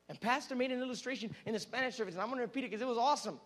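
A man's voice: very high-pitched, rapid-fire, fairly bright tone. A man preaching as a youth pastor, retelling a story dramatically with lots of repetition. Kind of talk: sermon.

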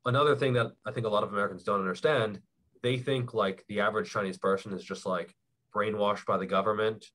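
A young man with a fairly low voice talks casually as a podcast guest. He explains at length in a loose, rambling way and fills the gaps with "like" and "um.". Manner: relaxed, rambling explanations with many fillers. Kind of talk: casual chat.

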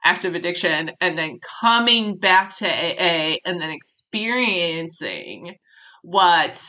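Bright-voiced, blunt, swearing woman host. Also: on the low side, takes it slowly. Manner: candid, swears freely, animated and laughing. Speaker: podcast host. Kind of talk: casual chat.

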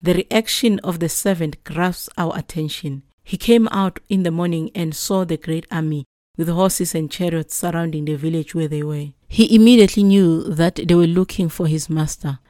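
Woman doing a bible devotional, earnest, warm and kinda low. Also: moderate pace, no room sound, clean studio sound. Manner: earnest, exhorting. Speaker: Bible teacher. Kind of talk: devotional Bible reading and preaching.

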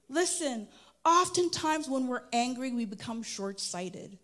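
A woman's voice: high-pitched, lively intonation, measured pace, fairly bright tone. A woman preaching a sermon, reading scripture aloud with playful call-and-response asides to the congregation.

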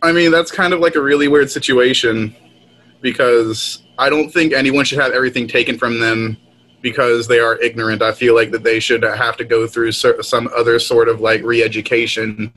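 A laid-back man in a teasing, casual chat, leaning on fillers. His voice sits at an ordinary pitch, with a faint hiss behind it over a call. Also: fairly even intonation, moderate pace, a bit bright, poor audio. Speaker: co-host. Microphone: call audio.

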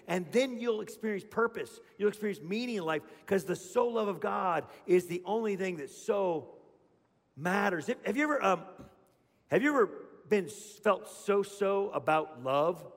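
A middle-aged man preaching a sermon as pastor, telling stories in an animated way and acting out voices. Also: sits high, moderate pace, in a large hall, a faint crowd. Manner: animated storyteller, acts out voices.

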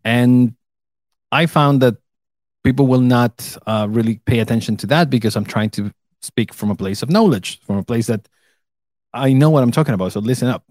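A man in his thirties, an English speaker, chatting casually as co-host, relaxed and laughing often. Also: mid-range voice, normal speed, no room sound. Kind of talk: casual chat.

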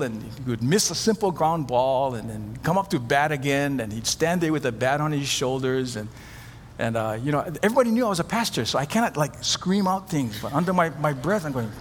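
A man's voice: on the high side, expressive, brisk, long reverb tail, a little hiss or hum. A middle-aged man preaching a sermon as pastor, telling stories with animation and acting out the voices of the people he quotes.

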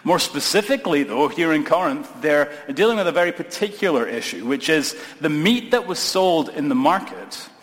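A man's voice: a little high, lively intonation, moderate pace, hardly any pauses, fairly bright tone. A man with a Scottish accent, a pastor giving a sermon in a conversational, lightly humorous way. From Scotland. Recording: long reverb of a large hall.

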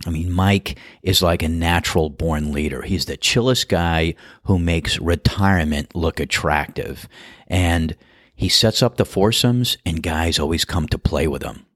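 A middle-aged man hosts a podcast and tells stories in a relaxed, chatty, amused way. His voice is very low. It is recorded on a close mic in a dry, dead space. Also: unhurried, no echo. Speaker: podcast host and golf course starter. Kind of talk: storytelling monologue.

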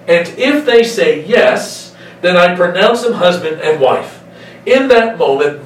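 A man preaching in a roomy, reverberant space, his voice coming from some distance off the mic. He is emphatic, drawing out the key phrases slowly. Faint room ambience sits underneath. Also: fairly high pitch, a little hiss or hum. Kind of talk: sermon.

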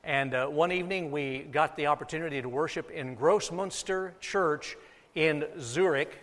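Emphatic pastor preaching in an echoing hall. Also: male voice, on the high side, moderate pace, a bit bright. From United States. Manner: emphatic, repeats key phrases for effect. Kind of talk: sermon. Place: church sanctuary. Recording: long reverb of a large hall.

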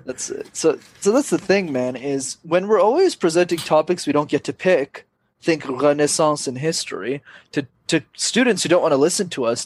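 A young man, a public speaking coach, giving energetic, emphatic advice as a podcast guest. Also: a little high, breathy edge.

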